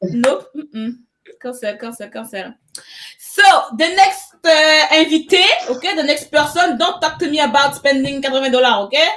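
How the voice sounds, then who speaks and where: A woman's voice: high voice, expressive, moderate pace, a bit bright. A woman hosting a comedy show, introducing acts with playful, laughing banter. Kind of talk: bilingual stand-up hosting banter.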